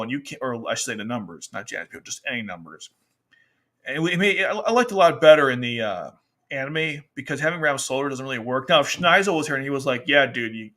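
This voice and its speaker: A man casually reviewing a manga, chatting loosely and acting out characters' lines as he goes. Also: mid-range voice. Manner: chatty, animated, quotes characters in exaggerated voices, laughs often. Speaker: anime review host. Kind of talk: casual commentary.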